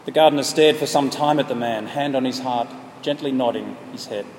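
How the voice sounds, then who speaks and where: A man telling a story as a sermon, speaking earnestly and at a measured pace. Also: medium pitch, darkish tone. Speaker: preacher. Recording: echoey hall, faint background noise.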